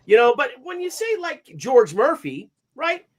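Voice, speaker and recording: A man hosting a live stream in casual chat, greeting viewers by name in an animated, chatty way. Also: extremely high pitch, unhurried. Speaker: host of live comics stream.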